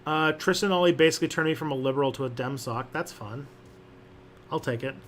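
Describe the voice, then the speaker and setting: A man's voice: mid-range voice, brisk, a bit bright, a little hiss or hum. A man hosting a casual livestream and answering chat questions, rambling with lots of fillers and restarts.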